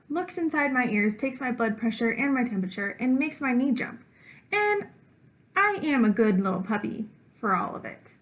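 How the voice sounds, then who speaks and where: A woman teacher reading a children's storybook aloud, with lively character voices and dog woofs. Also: on the high side, poor audio.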